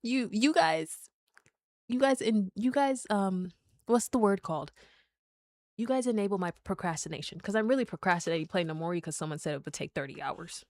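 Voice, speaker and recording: A woman gaming streamer talking casually and excitably with her live chat. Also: mid-range voice, fairly quick, dry recording, studio quality. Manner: excitable, chatty, talks to chat.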